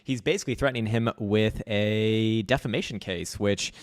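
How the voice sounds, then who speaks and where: A man hosting a crypto market show, ranting with profanity and loud outbursts, muttering while he fixes his setup. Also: lowish voice, normal speed. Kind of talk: casual livestream commentary.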